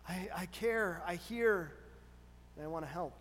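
A man preaching a sermon in an earnest, measured way, often pausing to ask rhetorical questions. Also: high-pitched, long reverb tail. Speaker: pastor.

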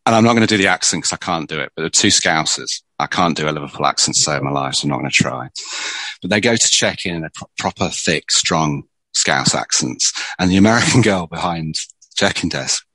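A man's voice: extremely low pitch, lively intonation, brisk, bright, forceful tone, no room sound, poor audio. A man, a screenwriter, telling stories in casual conversation with many restarts. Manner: chatty storyteller, many restarts. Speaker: screenwriter guest.

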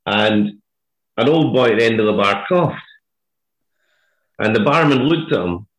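A man's voice: on the low side, lively intonation, measured pace. A Scottish man in casual podcast chat, telling an anecdote with many hesitant fillers. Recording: roomy echo.

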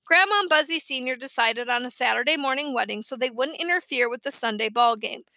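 A woman reading a children's novel aloud in an expressive, animated way. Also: high-pitched, a little fast, no room sound. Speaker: audiobook reader.

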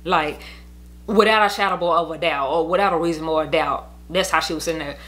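Woman podcaster, bright forceful voice, rambling and profane, lots of "like" fillers. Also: deep voice, a little fast. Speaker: podcast host telling her own story. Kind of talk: casual venting monologue.

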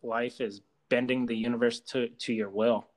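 A man's voice: mid-range voice, flat delivery, normal speed, low-quality recording. A man telling a long story in casual chat, rambling, with heavy swearing and many "like" fillers.

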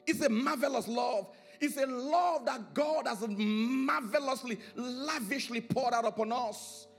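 A male pastor preaching a sermon, his delivery swinging from soaring, sing-song emphasis to low, hushed lines. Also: measured pace, gravelly, soft background music.

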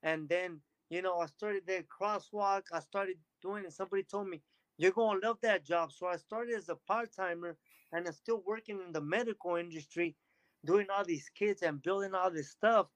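A man talking as a podcast guest, telling energetic stories and acting out what others said to him. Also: high-pitched, moderate pace, dry recording, poor audio. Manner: energetic storytelling, quotes others in lively bursts. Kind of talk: casual interview chat.

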